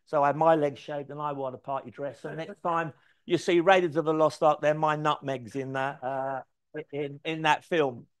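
A man tells stories from his working life, animated and unfiltered, swearing freely as he acts out bits of dialogue. His voice sits a touch high for a man. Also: normal speed, smooth. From London, England. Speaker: speaker telling career stories. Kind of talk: anecdotal storytelling talk.

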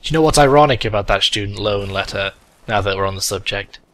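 Young male host of a game playthrough, low and forceful, sarcastic and crude, a little hoarse. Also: quick pace. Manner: sardonic, crude, swears a lot. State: voice cracking a bit. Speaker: let's play host. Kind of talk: gaming commentary.

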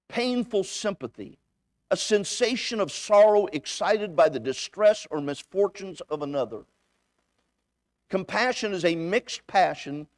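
A man with a high-pitched voice preaches as a visiting evangelist in a church. He tells folksy personal stories and acts out the conversations, often repeating himself as he goes. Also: dry recording. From United States. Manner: folksy storytelling, acts out dialogue, repeats words. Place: church sanctuary.

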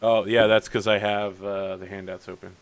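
A man's voice: lowish voice, flat delivery, moderate pace, clear, resonant tone. A man running a tabletop game as game master, chatting casually and animatedly and reading rules aloud on a voice call.

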